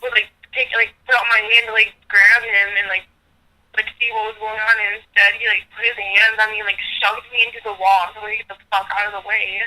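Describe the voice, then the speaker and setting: Very bright-voiced young woman rambling. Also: mid-range voice, flat delivery, fairly quick, rough recording. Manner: rambling, fills nearly every phrase with "like". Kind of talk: recounting a personal story.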